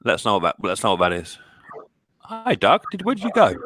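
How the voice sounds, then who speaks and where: A British man with a husky, fairly low voice chats on a live stream from his workshop shed. He talks in a rambling, easygoing way, full of restarts and fillers. His tone is bright and forward, and the close mic sounds completely dry. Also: wildly swooping pitch, fairly quick, no echo. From Britain. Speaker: live stream host, mower repairer. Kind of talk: casual live stream chat. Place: small cold workshop shed.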